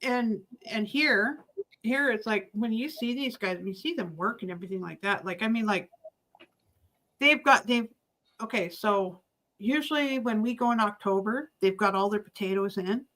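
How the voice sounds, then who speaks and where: A woman chatting casually, profane and full of quick restarts. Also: medium pitch, a bit bright. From Canada. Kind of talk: casual chat.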